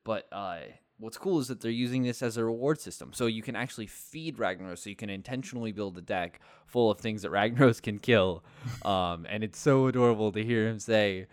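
Low-voiced man, chatty gamer. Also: brisk, dry recording. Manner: rambling, many fillers and restarts, laughs often. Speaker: podcast co-host. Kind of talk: casual gaming chat.

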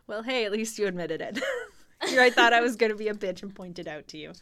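A woman's voice: medium pitch, animated, fast talker, a crowd in the background. A young woman co-hosting a casual podcast, laughing often and reading definitions aloud with a wry tone. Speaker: podcast co-host.

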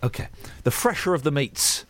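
A man's voice: a little high, expressive, moderate pace. A man hosting a radio show podcast, bantering and teasing his colleagues in a cheeky, self-mocking way from the studio. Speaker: radio presenter.

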